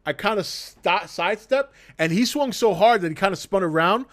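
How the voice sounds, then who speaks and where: A man's voice: sits high, normal speed. A man casually telling a story to his livestream chat, laughing often and swearing freely as he acts out the scene. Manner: laughs often mid-sentence, swears freely, animated retelling.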